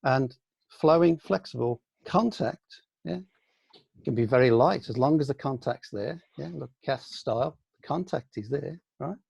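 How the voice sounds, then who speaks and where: An older man from the UK, a senior aikido teacher, reminiscing in a relaxed online question-and-answer session, with many ums and restarts. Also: medium pitch, a little slow, gravelly, husky, no echo, dull audio. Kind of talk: casual online Q&A. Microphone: video call.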